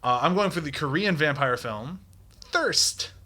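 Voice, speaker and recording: A man's voice: a little high, expressive, a little fast, sharp tone. A man co-hosting a podcast about films, chatting casually and enthusiastically, rambling and swearing now and then. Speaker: podcast co-host. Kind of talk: casual movie podcast chat.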